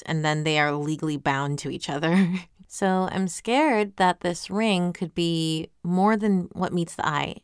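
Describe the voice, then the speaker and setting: A woman with a lowish, smooth, resonant voice casually talks through a webtoon episode as host, reading viewer comments aloud. She's animated and asks lots of questions. The recording is dry and studio quality.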